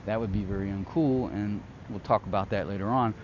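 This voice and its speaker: A man's voice: lowish voice, fairly quick, a little mellow, a little hiss or hum. A man hosting his own show, telling a personal story in a casual, conversational way and often checking in with the listener. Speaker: host recounting his past as a security contractor. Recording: slightly dull, lo-fi sound.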